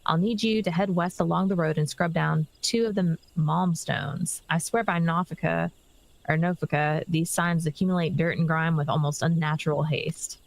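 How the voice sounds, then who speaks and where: Woman reading busy quest giver, brisk, fussy, lowish voice. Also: steady tone, gravelly. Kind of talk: reading game dialogue aloud.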